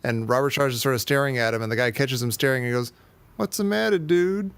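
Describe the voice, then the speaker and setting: A man's voice: mid-range voice, level tone, rapid-fire, a bit bright, clean tone, no echo. A man co-hosting a podcast in a casual movie chat, eagerly defending his favorite films. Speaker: podcast co-host.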